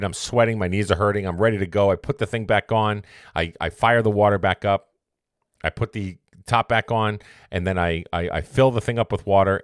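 A man tells a long, rambling story on his podcast. He often corrects himself and then lands on a motivational point. His voice sits low, and it is recorded close and dry with no room sound. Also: dry recording. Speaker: podcast host. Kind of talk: casual storytelling monologue.

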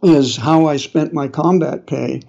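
This older man, an author with a New England accent, rambles through long stories as an interview guest, filling them with uhs and restarts. He speaks unhurriedly in a slightly high, slightly mellow voice with vocal fry. The sound quality is dull and lo-fi.

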